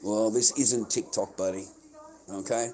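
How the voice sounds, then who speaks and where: A man's voice: fairly low pitch, fairly even intonation, measured pace, mellow. A man with an Australian accent ranting to his livestream viewers, heated and profane, swearing and repeating himself constantly. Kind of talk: angry livestream rant.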